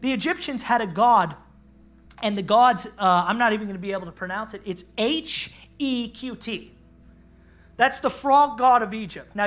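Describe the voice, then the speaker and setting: A male pastor preaching an animated, conversational sermon, acting out voices and laughing along the way. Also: sits high. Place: church.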